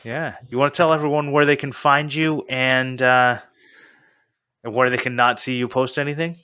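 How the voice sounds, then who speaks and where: A male podcast host with a bright, ringing tone in relaxed chat. He rambles, laughs at himself and fills pauses with "uh" and "like". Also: medium pitch, smooth. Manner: rambling, self-deprecating, with frequent fillers.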